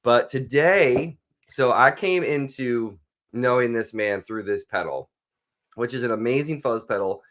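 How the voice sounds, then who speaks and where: A man hosting a podcast, hoarse and raspy as he recovers from illness, chatty and enthusiastic in casual interview talk. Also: mid-range voice. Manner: chatty and enthusiastic, quick bursts of excitement. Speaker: podcast host.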